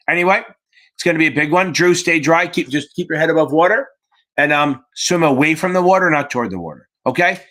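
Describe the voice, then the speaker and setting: A man's voice: on the high side, pushed and bright. A man running a casual live-stream Q&A for exam prep, chatty and profane, answering viewers from the chat by name.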